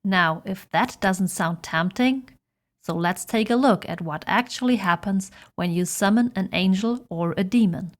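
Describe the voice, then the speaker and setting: A woman with a mid-range voice narrates a scripted explainer. Her delivery is measured and dramatic, like a storyteller. The reading is even and deliberate. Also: mid-range voice.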